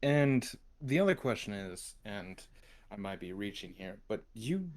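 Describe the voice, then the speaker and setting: A man's voice: fairly low pitch, very animated, unhurried. A man playing in a tabletop game, asking questions politely in character. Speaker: player. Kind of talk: tabletop role-play.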